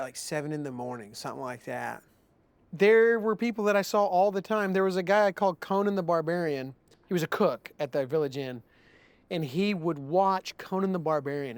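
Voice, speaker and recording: A man's voice: a little high, dry recording. A man telling tall tales casually, with lots of fillers, acting out the people in his stories. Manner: animated, acts out voices in his stories; frequent fillers like "like". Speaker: storyteller host.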